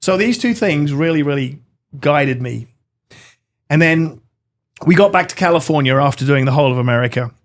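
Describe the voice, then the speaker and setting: A man's voice: a little high, normal speed. Earnest middle-aged man telling his story. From Britain. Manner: earnest, animated, acts out dialogue. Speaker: interview guest. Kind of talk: personal storytelling in an interview.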